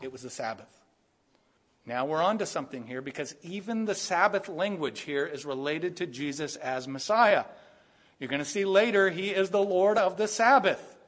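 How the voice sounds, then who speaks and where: A man preaching a sermon, animated and acting out the lines he quotes. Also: fairly high pitch, normal speed. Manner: animated, acts out quoted voices, rising to bursts of emphasis. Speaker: pastor.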